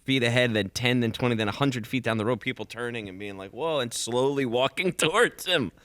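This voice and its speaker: A man co-hosting a radio show in casual chat, mimicking other people in high bursts. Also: fairly quick, no echo. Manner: animated, mimics voices in high falsetto bursts.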